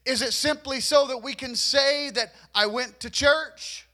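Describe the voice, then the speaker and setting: A man delivers a sermon in a church, his voice very high and bright with a sharp edge. He urges the congregation again and again, stumbling over doubled words as he builds his point. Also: measured pace. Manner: repetitive, urging, stammers on restarts. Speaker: preacher.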